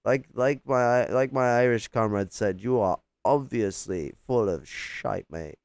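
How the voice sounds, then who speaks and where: A man's voice: mid-range voice, unhurried, a little mellow, dry recording. A man in a heated, profane livestream rant, mocking and arguing with chat. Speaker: livestream host.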